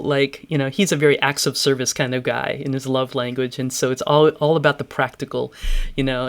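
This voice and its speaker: A woman-voiced podcast guest telling personal stories candidly and reflectively, laughing easily. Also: very deep voice. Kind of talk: personal storytelling in interview.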